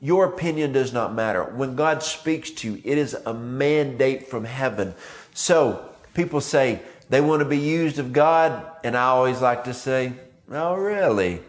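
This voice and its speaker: A man's voice: medium pitch, measured pace. Man preaching a casual devotional. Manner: conversational, acts out quotes. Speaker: minister. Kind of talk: devotional video message.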